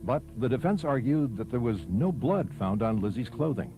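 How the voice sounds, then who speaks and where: A man giving measured, scripted documentary narration. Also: medium pitch, very animated, low-quality recording. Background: soft music bed.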